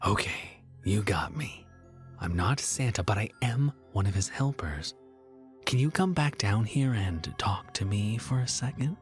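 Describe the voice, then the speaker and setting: A man voicing a starving, sly fake Santa's helper in a horror story, speaking hushed and wheedling. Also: on the low side, expressive, a little slow, faint music behind. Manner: hushed, wheedling, sometimes sing-song.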